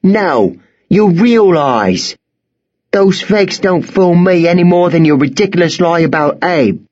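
A man reading a fierce, frightened teenage girl with a knife, hissing threats in a raised, lively voice that is slightly husky. It is an audiobook with dull, lo-fi sound. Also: a little high, slow, pitched above the performer's own voice, full character voice. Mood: fierce threatening.

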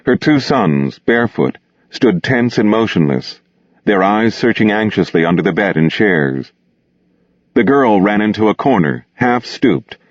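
A man narrating an audiobook in a measured, expressive storytelling manner, recorded close on a studio mic. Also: on the low side, dry recording, dull audio.

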